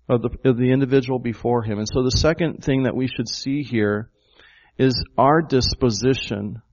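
A man's voice: mid-range voice, darkish tone, highs cut off. A man preaching a sermon, emphatic and full of rhetorical questions to the congregation. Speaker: pastor.

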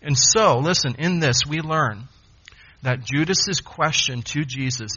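A man preaching a sermon, emphatic, with dramatic pauses. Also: fairly high pitch, sharp tone, breathy edge, highs cut off.

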